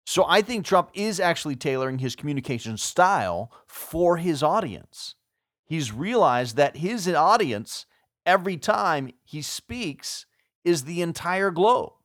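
A man talks through his podcast commentary in a measured, explanatory way, posing rhetorical questions and answering them himself. His voice sits a little high for a man. The recording is close and dry, with no room sound. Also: sing-song, a bit bright, dry recording. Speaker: podcast host and PR consultant.

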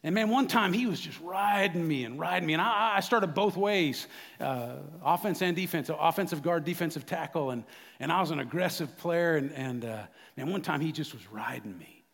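A middle-aged man preaching a sermon, swinging between quiet, confiding moments and loud, fervent outbursts. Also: a little high, expressive, normal speed, gravelly, in a large hall. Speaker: pastor.

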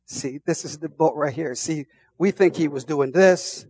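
A man pastor preaching a sermon, moving from quiet asides to shouted, fervent passages. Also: fairly high pitch, unhurried, slightly rough.

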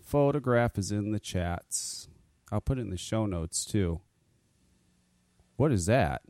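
A man's voice: fairly low pitch, lively intonation, slow pace, a little mellow, no room sound. A man hosting a casual talk radio show, joking and swearing, often stammering and repeating words. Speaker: podcast host.

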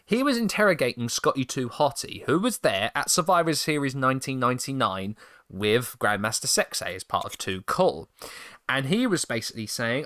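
A man co-hosting a casual podcast, telling a story with lively, swooping pitch and bursts of laughter. His voice sits at an ordinary middle pitch and he talks in an easy, chatty way. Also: moderate pace. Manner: animated storyteller, laughs often. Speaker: podcast co-host. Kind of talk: casual chat, recapping a story.

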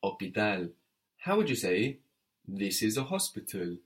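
Patient low-voiced male French teacher. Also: very animated, measured pace. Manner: patient, methodical, prompts and spells out letters. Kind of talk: audio language lesson.

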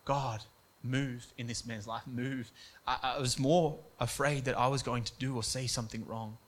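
A man's voice: mid-range voice, steady tone, moderate pace. A man preaching a sermon, earnest and emphatic, moving between personal stories and scripture.

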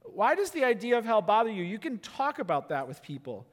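A man preaching a sermon in an earnest, emphatic way, often dropping to a quiet, intense tone. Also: high voice, very animated, brisk, in a large hall. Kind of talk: sermon teaching.

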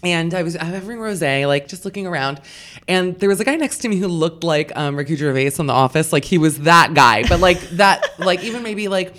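A woman in her forties chats as a podcast guest, telling comic stories with a lot of animation. Her voice sits on the low side, and she swears and laughs as she talks. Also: expressive, fairly quick, a bit bright. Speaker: comedian guest. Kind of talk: casual podcast chat.

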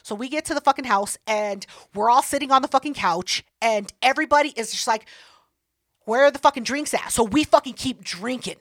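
A woman's voice: fairly high pitch, a little fast, hardly any pauses, no echo. A woman in her thirties hosting a podcast, telling a story in casual chat, swearing a lot and acting out what other people said. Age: 30s. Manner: profane, animated, acts out other people's lines. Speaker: podcast host.

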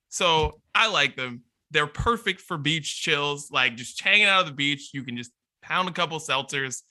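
A man's voice: on the high side, lively intonation, measured pace, sharp tone. A man co-hosting a casual podcast chat, laid-back and laughing easily. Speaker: podcast co-host.

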